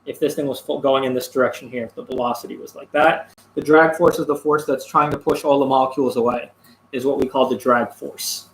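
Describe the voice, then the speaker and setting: A man teaching a physics lesson, explaining a worked problem step by step with pauses and fillers. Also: mid-range voice, steady tone, echoey room, a little hiss or hum, low-quality recording. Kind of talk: classroom lecture working through a problem.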